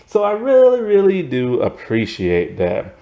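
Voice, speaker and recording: A man talks through a TV series review in a loose, rambling way, with plenty of fillers and laughs along the way. His pitch swings up and down a lot. He takes his time and speaks at an unhurried pace. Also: lo-fi sound. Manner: rambling and animated, heavy on fillers, laughs often. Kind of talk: casual spoken video review.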